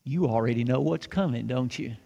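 A man preaching a sermon, telling a story with lively acted-out dialogue and hushed moments. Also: medium pitch, brisk, creaky, breathy edge, lo-fi sound. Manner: animated, acts out dialogue, drops to hushed tones. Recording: long reverb of a large hall.

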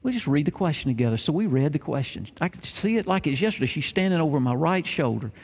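A folksy man with a gravelly, slightly high voice tells a story to a crowd. His words ring out in a big hall with a long reverb, and he keeps repeating phrases for effect. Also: expressive, quick pace, darkish tone. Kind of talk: storytelling to a live audience.

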